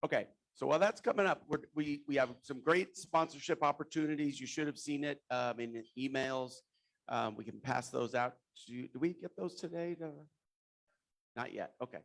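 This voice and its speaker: Guy with a gravelly voice talking through sponsorships at a club meeting, kinda rambly. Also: medium pitch, moderate pace. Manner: rambling, loses his train of thought. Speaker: club member presenting sponsorships. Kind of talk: informal meeting announcement.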